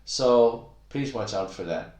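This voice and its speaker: A man's voice: medium pitch, animated, takes it slowly, a little mellow, echoey room. A man teaching a casual language lesson, explaining patiently with many fillers and acting out example sentences.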